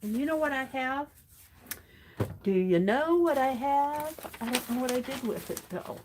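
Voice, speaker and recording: A middle-aged woman hosting an art journaling livestream, chatting warmly with viewers by name and reading their comments aloud while she works. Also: high-pitched, unhurried, noisy background. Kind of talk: casual chat while crafting.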